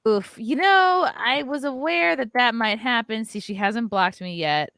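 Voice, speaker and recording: A woman's voice: on the high side, lively intonation, a little slow, creaky, a bit bright, clean tone, no echo, studio quality. A woman with a Long Island accent, chatting casually as a podcast host. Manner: chatty, rambling. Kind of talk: casual chat.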